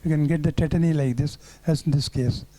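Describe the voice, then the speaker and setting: An older male neurologist with a Tamil Indian English accent lectures in a storytelling way, repeating key phrases for emphasis. His voice sits high but sounds mellow and dark in tone. He chuckles now and then at his own anecdotes. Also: fairly even intonation, fairly quick, low-quality recording.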